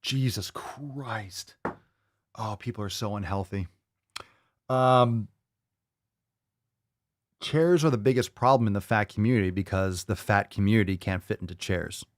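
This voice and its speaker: A man's voice: fairly low pitch, unhurried, pauses often, no echo. A man hosting a show, mocking and exasperated as he reacts to a video clip and swears freely. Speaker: host reacting to clips. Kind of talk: casual reaction commentary.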